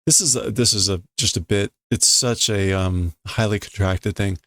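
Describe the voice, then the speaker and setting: A man streaming a casual read-through of a comic, translating line by line in a halting, self-correcting way and chuckling often. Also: on the low side, fairly bright tone, dry recording. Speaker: streamer reading manga to learn a language.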